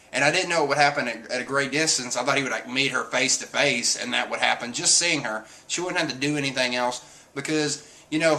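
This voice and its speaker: A man streaming casual talk, animated, cursing now and then. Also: medium pitch. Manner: animated, swears, acts out quotes. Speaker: streamer reviewing a comic chapter. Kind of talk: casual chat.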